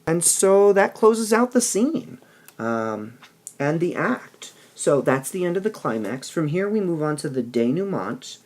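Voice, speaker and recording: A man's voice: a little high, sing-song, measured pace, darkish tone. A male teacher explaining a play in a recorded lesson, checking in with "all right?" as he goes. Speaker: English teacher.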